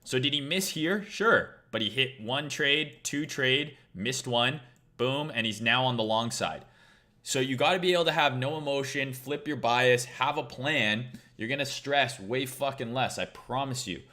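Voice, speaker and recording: A man's voice: medium pitch, unhurried, sharp tone. A man hosting a trading livestream, talking casually in a blunt, profane, rambling way.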